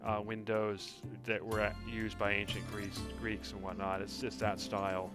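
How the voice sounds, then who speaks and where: Low-voiced man running a tabletop game. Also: level tone, moderate pace, music in the background. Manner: rambling, hesitant, many fillers and restarts. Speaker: game master. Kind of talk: describing scenes in a tabletop game.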